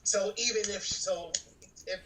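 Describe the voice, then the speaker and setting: A man's voice: high-pitched, unhurried, sharp tone, slight background noise, low-quality recording. A man co-hosting a podcast in casual chat, rambling and restarting as he works through his points. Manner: rambling, restarts and fillers while reasoning. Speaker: podcast co-host.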